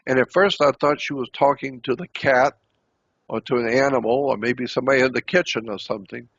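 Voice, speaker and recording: A man's voice: medium pitch, a little fast, a bit bright, slightly rough, no echo. An older man telling a story at length, repeating himself as he recounts what was said to him. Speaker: interview guest. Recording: dull lo-fi recording.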